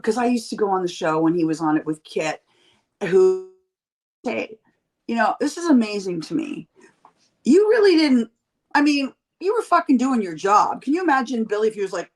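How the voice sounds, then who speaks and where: A middle-aged woman from Canada, a podcast guest, talking in a blunt, profane and animated way in casual chat. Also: on the high side, moderate pace.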